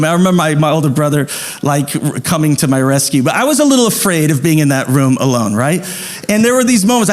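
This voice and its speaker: A man in his thirties, a pastor from Idaho, telling a personal story in a sermon, lively at first and then dropping to a soft, slow hush. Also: fairly high pitch.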